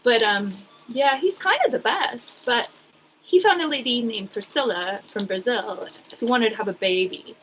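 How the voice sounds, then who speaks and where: Woman, 40s, casual vlogger, rambling with wry asides, clear background noise on the recording. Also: fairly high pitch, lively intonation, normal speed, fairly bright tone, poor audio. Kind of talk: casual chat while sorting old papers.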